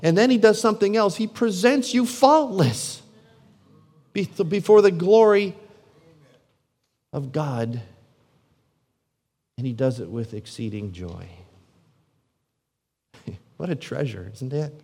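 A man, a pastor, preaching a sermon full of rhetorical questions, his voice swinging from loud and emphatic to hushed and low. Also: expressive, takes it slowly, pauses often. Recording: long reverb of a large hall.

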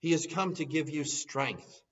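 A man's voice: on the high side, measured pace, fairly bright tone. A man preaching a sermon, quoting scripture in an earnest voice and rising into urgent appeals. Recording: dull sound from some distance off.

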